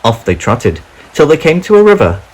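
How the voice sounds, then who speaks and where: A man reading a children's storybook aloud with an expressive, sing-song delivery. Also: on the high side, normal speed, breathy edge, rough recording.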